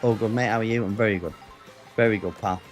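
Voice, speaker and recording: Low-voiced English bloke chatting on stream. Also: male voice, steady tone, fast talker, soft background music. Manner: chatty, rambling, answers chat. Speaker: gaming streamer. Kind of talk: casual livestream chat.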